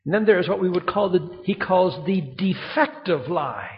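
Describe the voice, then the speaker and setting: A male pastor with a high, gravelly voice delivers a sermon in a church hall. He tells stories and acts out the voices of the people in them. The sound is muffled and rings with a long echo. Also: moderate pace. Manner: animated storytelling, acting out quoted voices.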